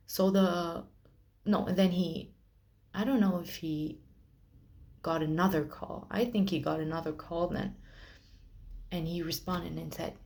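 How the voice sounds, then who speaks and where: A young woman telling her own hospital story in a personal vlog, emotional and halting, with many restarts. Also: low voice, vocal fry, a little mellow.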